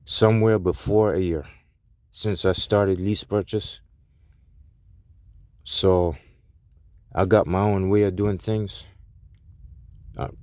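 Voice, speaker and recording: A man's voice: sits low, mellow, dry recording, studio quality. A truck driver, a man, ranting heatedly to his viewers with a profane, defensive edge, often restarting his sentences.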